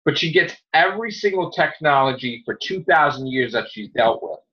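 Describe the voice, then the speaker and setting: A man's voice: a little high, expressive, normal speed. A man hosting a casual podcast chat, ranting and swearing freely. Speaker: podcast host. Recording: dull lo-fi audio.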